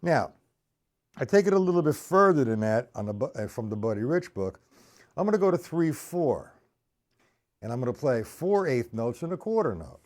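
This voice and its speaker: A man's voice: mid-range voice, big pitch swings, moderate pace, a little mellow. A man teaching drum rudiments on a live stream, counting beats aloud and chatting with viewers in the chat.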